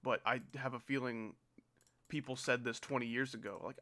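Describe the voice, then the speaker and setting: A man's voice: medium pitch, fairly even intonation, normal speed, a bit bright, a little hiss or hum. A young man rambles through a casual stream, dry and sarcastic. His talk drifts from greeting viewers to teasing slang he finds silly. He speaks close to a desk mic.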